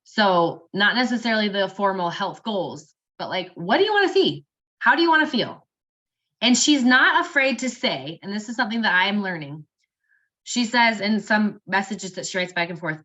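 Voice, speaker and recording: A woman's voice: medium pitch, lively intonation, normal speed, sharp tone, dull audio. A young woman giving casual, encouraging coaching tips and acting out sample messages in an upbeat voice. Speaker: network marketing team member.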